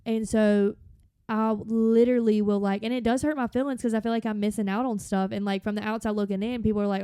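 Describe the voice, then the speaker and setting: A young woman, co-hosting a podcast in casual chat and telling stories in a lively way. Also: mid-range voice, fast, few pauses, smooth, no echo, studio quality. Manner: chatty, animated storytelling with run-on asides. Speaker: podcast co-host.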